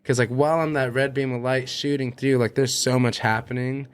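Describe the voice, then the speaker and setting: A man's voice: mid-range voice, fairly even intonation, fairly quick, clear, resonant tone. A young adult man, a musician guest, telling a long story casually, full of fillers and swearing. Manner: rambling, heavy on fillers and swearing.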